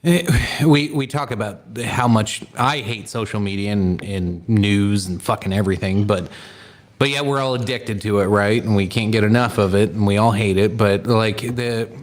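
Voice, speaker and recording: A man's voice: fairly low pitch, steady tone, normal speed. A man co-hosting a podcast from his garage, ranting in an exasperated, profane, sarcastic way. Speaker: podcast co-host.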